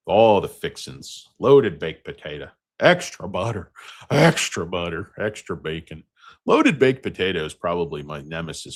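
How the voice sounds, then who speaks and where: A deep-voiced man talks casually about stocks in a loose, rambling way. He mixes in crude jokes and side tangents. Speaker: stock market vlogger. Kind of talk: casual chat.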